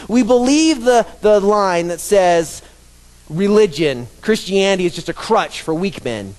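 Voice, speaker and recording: In a church sanctuary with long hall reverb, a pastor preaches a sermon to his congregation, emphatic and repetitive, leading the room in call-and-response. His voice sits high with a darkish tone, animated but at a measured pace.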